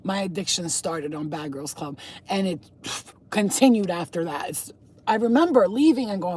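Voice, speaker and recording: A woman's voice: mid-range voice, expressive, moderate pace, warm tone, slight background noise. A woman talking bluntly and emphatically to her viewers in a casual vlog, swearing freely as a spiritual healer and reader. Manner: talks straight to the camera, addressing viewers.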